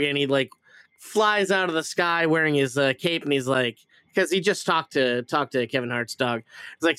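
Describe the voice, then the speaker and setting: Rambling man with a bright, clean voice. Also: fairly high pitch, normal speed, clean tone, dry recording, clean studio sound. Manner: rambling, profane, acts out lines with silly voices. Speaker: podcast host reviewing a movie. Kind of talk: casual chat.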